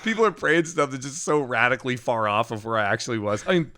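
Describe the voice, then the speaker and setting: A man co-hosting a Christian podcast, telling a personal spiritual experience in a casual, animated way, laughing often and restarting his sentences. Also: mid-range voice, fast. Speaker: podcast co-host. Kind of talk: casual faith testimony.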